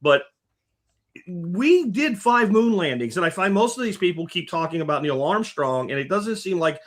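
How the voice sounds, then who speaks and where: A man co-hosting a casual live talk show, telling stories with animated energy. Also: sits high, normal speed. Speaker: co-host.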